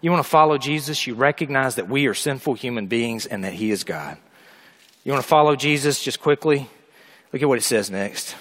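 A man preaching a sermon, telling a funny dog story with lively asides before turning earnest. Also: medium pitch, a little fast. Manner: animated storytelling, humorous asides.

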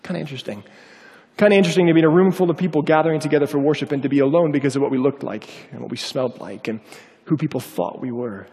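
A man with a fairly high voice preaches a story-driven sermon. He delivers it with lively animation and acts out the people in the story. The voice rings with the long reverb of a big hall. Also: very fast.

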